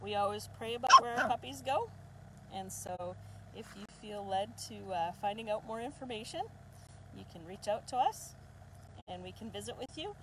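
A woman who breeds dogs talks casually to the camera, then slips into sing-song baby talk with the puppies and laughs often. Her voice sits at an ordinary middle pitch. Steady background noise runs under the recording. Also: moderate pace. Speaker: dog breeder. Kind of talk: casual vlog talking to puppies.

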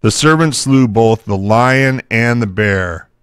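A man's voice: medium pitch, takes it slowly, a bit bright, smooth, no echo, clean studio sound. A man teaching from the Bible, reading scripture aloud and breaking into casual, chatty asides.

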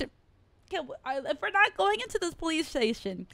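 A woman's voice: high-pitched, sing-song, normal speed, gravelly, fairly bright tone, no echo. A woman streamer playing a horror game, panicky and profane, swearing and screaming in fear. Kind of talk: horror game playthrough commentary.

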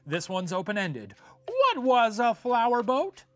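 A squeaky, theatrical puppet professor. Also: male voice, wildly swooping pitch, a little slow, no room sound, full character voice. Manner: theatrical, teasing quiz-host delivery. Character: excitable male puppet history professor. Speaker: quiz host. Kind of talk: comedy puppet show.

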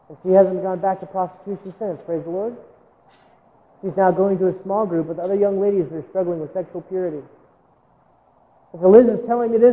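A man with a notably high voice preaches in an earnest, heartfelt way, repeating himself as his feelings rise. The sound is thin and phone-like, as if it came down a narrow line. A long reverb trails behind every phrase, like a large sanctuary. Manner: earnest, emotional, repeats words when moved. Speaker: missionary preacher. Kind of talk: sermon storytelling. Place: church sanctuary.

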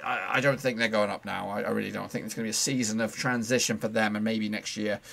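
A man hosting a casual football predictions recap, chatty and playful, with quick asides, fillers and a voice he says he is losing. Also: lowish voice, fairly even intonation, gravelly, fairly bright tone. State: losing his voice.

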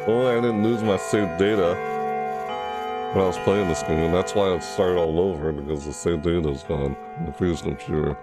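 A man commentating a horror game playthrough, frustrated and jumpy, scolding the game's characters and shrieking at scares. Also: sits low. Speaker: gamer.

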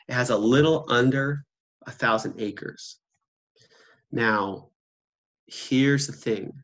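A man's voice: lowish voice, fairly bright tone. A man giving a conversational seminar talk, telling stories with quoted voices and asking rhetorical questions. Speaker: seminar speaker.

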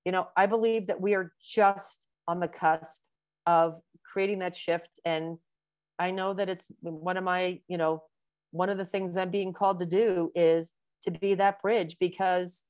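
A woman in her sixties, a physician being interviewed in a webinar, explaining at length in a warm, rambling way with many fillers. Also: on the low side, no echo. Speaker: breast cancer physician, guest.

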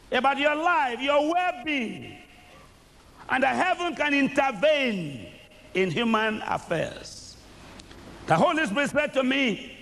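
A man preaching a sermon to a live congregation in a large church hall. He speaks emphatically, gets the crowd to repeat phrases after him, and swings from shouts down to low tones. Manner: bursts into shouts, then drops low. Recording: echoey hall with faint noise.

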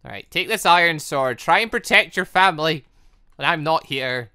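A man's voice: a little high, animated, moderate pace, pushed and bright, clean tone, no echo, studio quality. A young man chatting and joking through his Minecraft let's play, talking to the villagers in the game. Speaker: gaming YouTuber.

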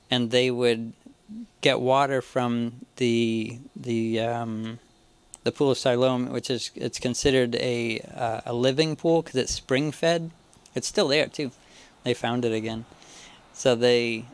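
A man giving an informal Bible teaching at a church, talking in a halting way with many restarts. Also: medium pitch, clear, resonant tone. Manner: halting, restarts often, chuckles to himself.

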